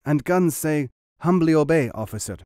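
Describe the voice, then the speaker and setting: Guy doing a grinning russian soldier, broken english, high and chirpy. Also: animated, moderate pace, a little mellow, dry recording, studio quality, lightly acted. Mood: gleeful. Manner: choppy broken English, boastful.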